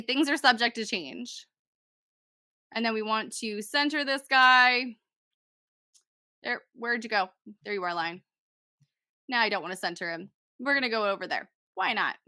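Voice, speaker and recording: Woman, young tutorial host, casual, thinks aloud, bright tone, dry close mic. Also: a little high, measured pace, vocal fry, long pauses, no room sound. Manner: chatty, talks to herself while working, self-deprecating. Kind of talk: casual screen-recorded software tutorial.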